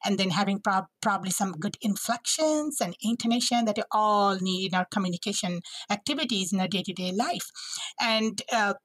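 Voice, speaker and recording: A woman's voice: medium pitch, a little fast, a bit bright, no room sound, low-quality recording. A woman speech-language pathologist explaining vocal health as a podcast guest, with frequent restarts and fillers. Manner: demonstrates voice qualities, laughs often.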